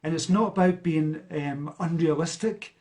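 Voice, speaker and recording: A Scottish man from near a large city speaks at a measured pace, his voice on the high side and a little mellow. He's a self-help speaker chatting on a live stream, reading viewer comments aloud and answering them in a chatty way full of fillers and restarts.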